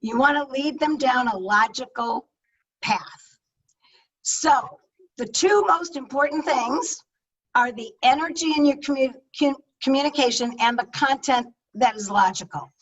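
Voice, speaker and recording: Energetic woman coaching over a video call. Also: sits high, measured pace, dull audio. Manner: energetic, emphatic, conversational. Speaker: speaking coach. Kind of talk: webinar talk on public speaking. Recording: distant-sounding video call audio.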